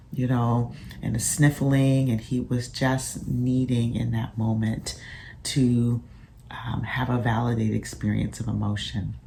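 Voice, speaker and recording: A woman, a physician and mother, sharing parenting reflections in a casual vlog, soft-spoken and thoughtful with frequent pauses. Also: very deep voice, gravelly, a little hiss or hum.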